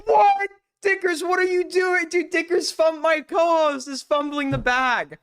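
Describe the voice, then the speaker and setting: A man doing heated live commentary on a clip, mocking and excitable, sometimes breaking into loud rants. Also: very high-pitched, unhurried, gravelly. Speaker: commentary streamer reacting to a clip.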